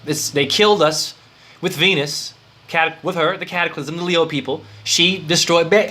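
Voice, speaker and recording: A man giving an improvised esoteric lecture as a spiritual teacher, rambling, excitable and profane. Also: high-pitched, moderate pace.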